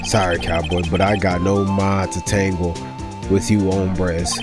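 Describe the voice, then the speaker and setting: A man voicing a laid-back cowboy detective with a slow drawl, reading game dialogue aloud. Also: low voice, level tone, music in the background. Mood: drawling swagger.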